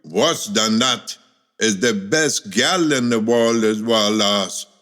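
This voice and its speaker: A slow, rueful old grandfather with a lilt, as a man puts him on. He speaks a little lower than an everyday man, drawing out each line as he broods over lost love. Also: fairly bright tone. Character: old Caribbean grandfather, wistful and lovesick.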